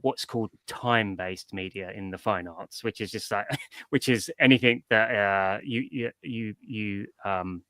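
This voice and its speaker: Bright-voiced rambling male storyteller. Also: fairly low pitch, unhurried, no echo. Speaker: comics writer, interview guest. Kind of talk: casual interview chat.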